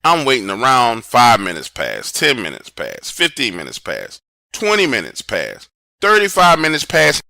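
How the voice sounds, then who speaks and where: Animated man telling a scary story. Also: moderate pace, vocal fry, dry recording. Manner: animated, dramatic storytelling with big swings in pitch and volume. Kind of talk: first-person true horror story.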